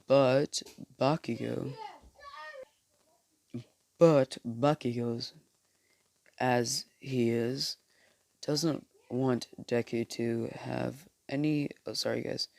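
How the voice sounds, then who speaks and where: Male storyteller, casual and rambling, slow pace, dry close sound. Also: mid-range voice, steady tone, creaky, a little mellow, no room sound. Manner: rambling with many fillers and self-corrections.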